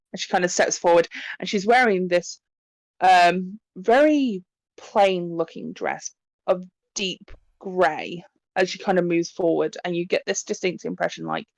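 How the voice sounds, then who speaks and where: A woman's voice: on the low side, creaky, dry recording. A woman narrating a tabletop horror game as game master, in a chatty way full of ums and likes.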